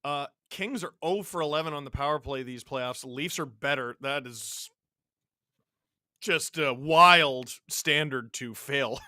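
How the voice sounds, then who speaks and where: A man from Canada hosting a live hockey watch-along, mixing excited play-by-play with reading chat messages and shouting on big plays. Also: medium pitch, a little slow, no room sound, clean studio sound. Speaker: livestream host watching a hockey game.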